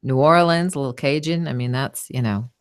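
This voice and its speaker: A woman voice actress chats thoughtfully as a guest, often pausing on "you know" and starting over. Her voice sits very low for a woman. The sound is dry, with no room echo. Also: smooth. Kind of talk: casual interview conversation.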